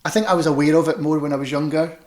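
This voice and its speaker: A man's voice: on the high side, fairly even intonation, rapid-fire, darkish tone. A man with a Scottish Glasgow accent, a panto performer and director, chatting loosely in an interview with many restarts. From Scotland. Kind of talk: casual interview chat.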